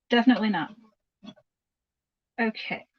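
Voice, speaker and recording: A woman's voice: a little high, no room sound, highs cut off. A middle-aged woman chatting casually as she cooks in her home kitchen, rambling and answering viewer comments on her phone livestream. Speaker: livestream host. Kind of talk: casual chat while cooking.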